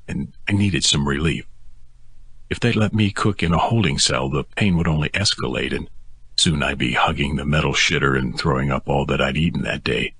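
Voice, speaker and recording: A man narrating a first-person novel as an audiobook, in a gruff, weary telling. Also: very deep voice, pushed and bright, no room sound.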